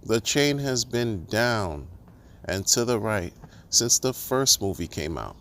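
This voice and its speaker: A man's voice: fairly low pitch, very animated, takes it slowly, fairly bright tone. A man ranting in a monologue, exasperated and sarcastic, firing off rhetorical questions and restarting his sentences. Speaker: crypto commentator.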